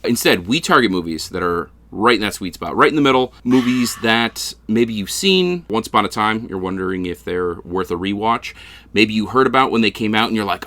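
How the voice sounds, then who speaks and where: A man's voice: lowish voice, lively intonation, fairly quick, pushed and bright. A man hosting a casual movie-review podcast from his basement, rambling and joking with his co-hosts. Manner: jokey, rambling, laughs at his own bits. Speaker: podcast host. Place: home basement.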